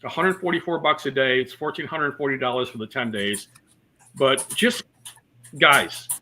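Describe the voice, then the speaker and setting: A comedian telling personal stories in a casual interview, mixing jokes and fillers. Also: male voice, mid-range voice, normal speed, bright, forceful tone. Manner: storytelling with jokes and many fillers. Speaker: comedian guest.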